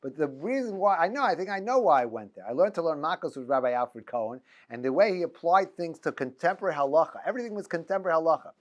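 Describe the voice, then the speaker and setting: Rabbi teaching a class, slightly high voice, stops and restarts a lot, cracks jokes. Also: male voice, lively intonation, fast, hardly any pauses. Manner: rambling, joking, many restarts and stammers. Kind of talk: informal lecture. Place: classroom with students.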